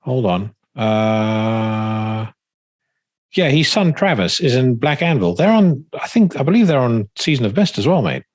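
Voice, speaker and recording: A man's voice: mid-range voice, sing-song, a little slow, dry recording. A man hosting a podcast interview, joking, laughing and informal. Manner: jokey, laughing, informal with "mate". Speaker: podcast host.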